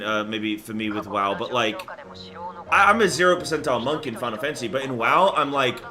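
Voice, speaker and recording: Bright-voiced male streamer rambling casually. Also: mid-range voice. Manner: rambling, loose, with fillers and swearing. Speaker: game streamer. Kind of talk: casual live-stream chat.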